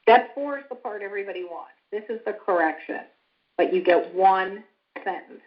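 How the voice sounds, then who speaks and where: A woman psychologist giving a calm, instructive talk who now and then acts out example dialogue. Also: normal speed. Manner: calm and instructive, acts out quoted lines with rising pitch. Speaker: psychologist lecturing on family estrangement. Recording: slightly dull lo-fi sound.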